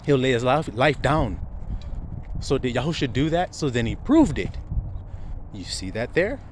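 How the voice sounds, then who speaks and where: Animated male preacher, street noise behind. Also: medium pitch, moderate pace. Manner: animated, rhetorical questions, chuckles often. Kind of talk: sermon.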